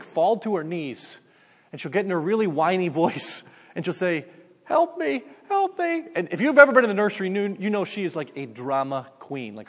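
A man with a high voice delivers a sermon in an easygoing way, addressing listeners as "guys" and peppering his talk with "like". His voice rings out with a long reverb, as in a large hall. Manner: conversational preaching, addresses listeners as "guys", often says "like". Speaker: pastor.

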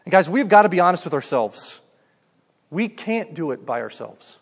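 A man's voice: on the high side, big pitch swings, moderate pace, gravelly, husky, in a large hall. A man preaching a sermon in a conversational way, calling his listeners "guys" and often saying "like". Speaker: pastor.

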